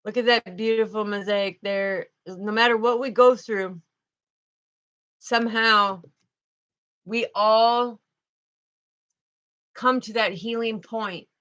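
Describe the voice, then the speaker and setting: A woman's voice: mid-range voice, steady tone, slow, pauses often, a bit bright, low-quality recording. A woman doing a spiritual card reading, talking in a fervent, emotional way and often repeating herself.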